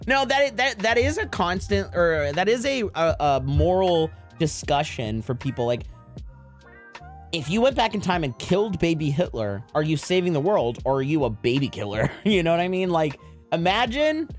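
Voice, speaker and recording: A young man live streaming, chatting casually and profanely with his viewers, rambling from joke to joke with frequent laughter. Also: a little high.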